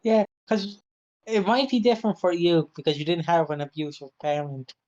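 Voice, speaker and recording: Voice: mid-range voice, steady tone, normal speed, a little mellow. A podcast co-host who chats casually in a blunt, emphatic way. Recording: dull lo-fi sound.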